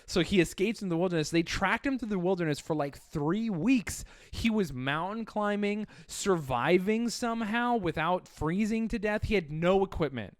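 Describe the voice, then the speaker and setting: A man co-hosting a podcast, telling an animated, profane story in casual chat. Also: sits high, dry recording, clean studio sound. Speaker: podcast co-host.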